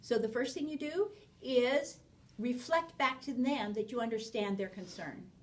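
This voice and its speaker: A woman teaching a parenting class, lively, acting out short exchanges with children as she explains. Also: a little high, unhurried, recorded from a distance, poor audio. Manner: animated, acts out little dialogues with children. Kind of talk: spoken class lecture.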